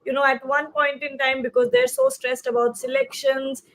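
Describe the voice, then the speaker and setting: A woman with a high voice co-hosts a live cricket talk show. She talks in loose, rambling sentences full of fillers and restarts, and she reads viewer comments aloud. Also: very animated, moderate pace, vocal fry, a bit bright, rough recording. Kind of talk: live post-match discussion.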